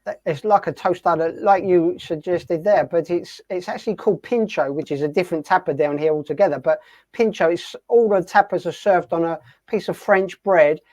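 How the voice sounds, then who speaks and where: A man hosting a radio show, asking a guest questions in an easygoing, halting way. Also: sits high, a little mellow, no room sound. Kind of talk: casual interview chat. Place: home on the coast in southern Spain. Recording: dry, dull lo-fi sound.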